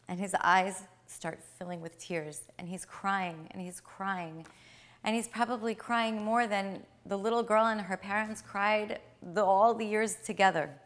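A woman telling a spiritual story in a gentle, emphatic way, repeating phrases for effect. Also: mid-range voice, steady tone, a little slow.

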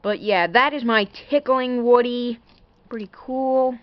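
A woman's voice: on the high side, measured pace, lo-fi sound. A woman rambling through a casual show-and-tell vlog about a toy, full of fillers and apologies. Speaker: toy collector showing a doll.

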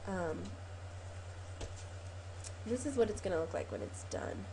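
Animated yet measured, this medium-pitched, mellow voice comes with a little hiss or hum. The craft video host chats and rambles through her tutorial, um-ing and self-correcting, slightly sniffly with a cold.

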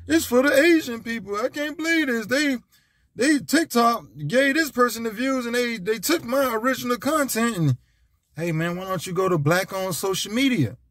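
A man putting on a high, whining voice to play a clueless, complaining adult man. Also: lively intonation, moderate pace, a bit bright, dry recording, exaggerated voice.

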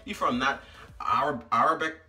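A man casually telling a story to his vlog audience, slangy and animated, always asking "you know what I'm saying". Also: medium pitch, moderate pace, far from the mic, faint music behind.

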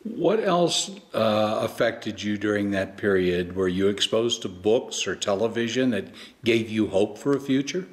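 A man conducts an interview, asking his questions slowly and deliberately. His voice is somewhat low and unhurried. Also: animated.

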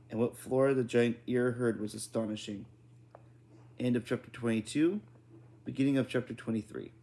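A man reading a children's novel aloud at a steady, plain pace, with small restarts. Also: mid-range voice. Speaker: reader.

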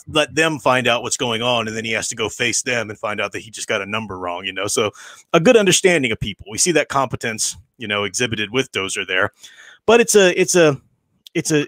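A man's voice: medium pitch, a bit bright, dry recording. A man hosting a casual book study who reads passages aloud and chats about them, laughing often. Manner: chatty, laughs often, restarts and fillers.

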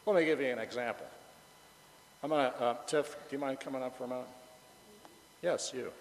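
Joking pastor in a reverberant hall. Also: male voice, medium pitch, a little fast, vocal fry, a little hiss or hum. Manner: chatty and joking, banters with the congregation. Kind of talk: conversational sermon.

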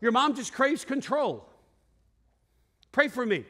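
Very high-pitched and slow, this middle-aged man's voice leads a sermon in a church sanctuary. The lead pastor tells vivid stories, acting out voices, shouting, and asking the congregation to respond.

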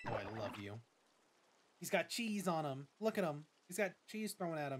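A young man streaming a game, commenting in an excitable, gushing way with swearing and dramatic self-mockery. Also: on the high side, moderate pace, a little hiss or hum. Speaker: gaming streamer. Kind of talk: let's play commentary.

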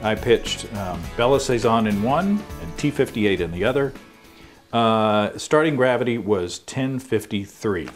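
A man's voice: on the low side, lively intonation, measured pace, soft background music. A man hosting a home brewing show, explaining in a rambling casual way with many fillers and restarts. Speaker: show host. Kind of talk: casual chat.

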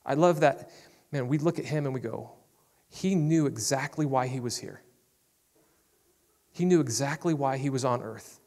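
A man preaching a sermon as pastor, in a relaxed, conversational way. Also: mid-range voice, normal speed, long pauses. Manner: casual, conversational preaching with frequent "man" and "I love". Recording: long reverb of a large hall.

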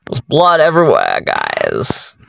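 A man commentating a horror game let's play, his pitch leaping far up and down between yelps and mutters. His voice has a gravelly fry, and he talks at an unhurried pace between the jumpy exclamations. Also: wildly swooping pitch, a bit bright, slight background noise. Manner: jumpy, exclaiming at every scare, talks to viewers as guys. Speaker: gaming YouTuber.

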